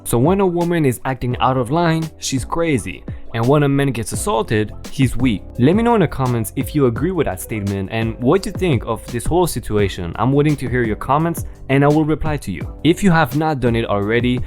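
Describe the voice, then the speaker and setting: A man's voice: mid-range voice, animated, brisk, hardly any pauses, a little mellow, faint music behind. A man narrating online stories for a channel, reading aloud expressively and adding his own commentary.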